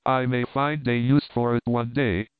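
A man's voice: medium pitch, flat delivery, normal speed, smooth, no room sound, lightly acted. A man reading the part of a cool, stern woman who keeps a wine shop, curt and lightly mocking. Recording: tinny phone-like audio.

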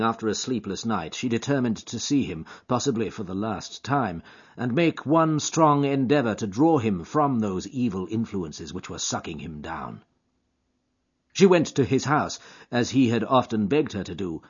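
A man's voice: lowish voice, slightly rough. Man narrating a story expressively. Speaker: audiobook narrator. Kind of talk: scripted narration. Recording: dull lo-fi recording.

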